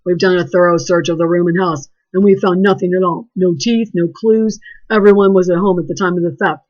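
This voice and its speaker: A woman's voice: fairly low pitch, steady tone, fairly quick, darkish tone, lo-fi sound, pitched below the performer's own voice, close to an everyday voice. A woman voicing a grave, formal police officer in a storybook read-aloud. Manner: grave, formal, later stammering.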